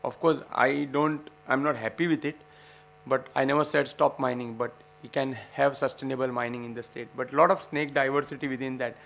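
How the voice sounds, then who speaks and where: Male lecturer, urgent and passionate, gravelly tone, faint hum under it. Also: mid-range voice, fairly bright tone. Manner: earnest, passionate, urging. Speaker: guest lecturer. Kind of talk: public science talk to students.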